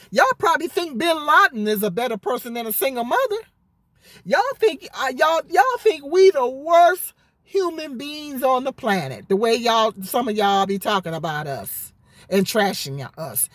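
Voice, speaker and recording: Sitting in her car in a parking lot, a woman vlogs an indignant, sarcastic rant answering viewer comments, often stammering and repeating words. Her voice is on the high side, with no echo.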